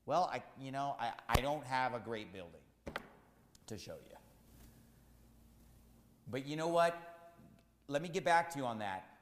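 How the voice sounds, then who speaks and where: A man preaching a sermon as pastor, repeating his points with rising, shouted emphasis. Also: medium pitch, animated, unhurried, pauses often, echoey room, long reverb tail, slight background noise.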